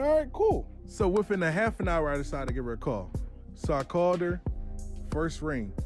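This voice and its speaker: Animated man telling a story over faint music. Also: a little high. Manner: animated, acts out both sides of phone calls. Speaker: host. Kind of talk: storytelling monologue.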